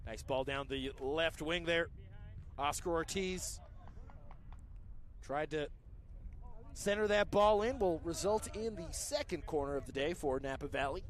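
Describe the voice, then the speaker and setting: High-voiced, chatty soccer commentator. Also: male voice, measured pace, long pauses. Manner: chatty, joking asides, rising excitement on attacks. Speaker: play-by-play commentator.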